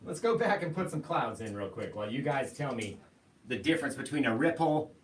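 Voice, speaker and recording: A man of middle pitch talks through a live painting lesson, relaxed and chatty as he explains each brushstroke. His voice sits back from the microphone in a roomy space that adds a light echo. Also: a little fast. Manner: chatty, easygoing, explains steps as he works. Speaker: painting instructor and show host. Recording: roomy sound from a distance.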